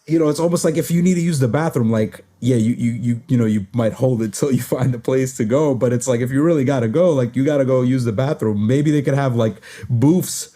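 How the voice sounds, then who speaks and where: A man's voice: mid-range voice, a little fast, few pauses, dark tone. A man hosting a podcast, talking casually and at length, full of "like" fillers and laughing at himself now and then. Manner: rambling, heavy use of "like" fillers, laughs at himself. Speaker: podcast host. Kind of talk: casual conversation.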